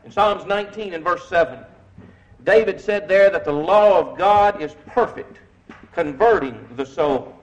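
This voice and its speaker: A man preaching a sermon in a measured, emphatic way, reading scripture aloud. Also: high voice, low-quality recording.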